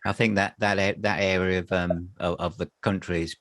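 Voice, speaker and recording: A man's voice: sits low, level tone, a little fast, crowd noise. A man hosting a podcast interview, asking hesitant, meandering questions and nodding along. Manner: affirming, hesitant questions with restarts. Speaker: podcast host. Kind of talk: casual interview.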